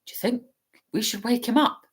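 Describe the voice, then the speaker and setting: A woman's voice: on the high side, fairly quick, slightly rough, voice pushed up. A woman voicing a hot-tempered teenage schoolboy wizard in a storybook reading, talking bluntly and grumbling. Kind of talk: storybook read-aloud.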